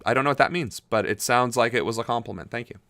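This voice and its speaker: A young man at medium pitch talks quickly in a bright, forceful tone, recorded at studio quality with no room sound. On his political livestream he reads chat aloud, chatting casually and rambling, quick to laugh and heavy on fillers.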